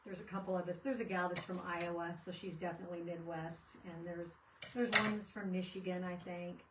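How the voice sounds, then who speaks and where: A woman's voice: lowish voice, fairly even intonation, brisk, background noise. Chatty woman in an echoey room. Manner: chatty, rambling storyteller. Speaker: craft video host. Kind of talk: casual crafting chat. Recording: echoey room, mic at a distance.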